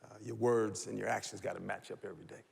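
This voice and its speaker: A man, a football coach, telling a lively story on a talk show and laughing as he goes. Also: fairly low pitch, fast talker, gravelly, husky. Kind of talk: animated anecdote on a TV talk show. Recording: long hall reverb.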